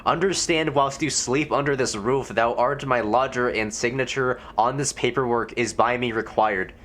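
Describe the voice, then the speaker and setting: A man's voice: mid-range voice, moderate pace, a bit bright, lightly acted. A man voicing an insistent woman landlady in a video game, speaking in a formal, old-fashioned way with thee and thou.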